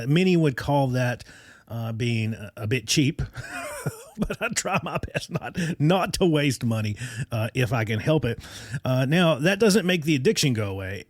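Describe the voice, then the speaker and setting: A man hosting his own podcast, chatting casually and enthusiastically into a desk microphone, with lots of fillers and quick laughs. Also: medium pitch, darkish tone, no echo, clean studio sound. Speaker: podcast host. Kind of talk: casual solo podcast chat.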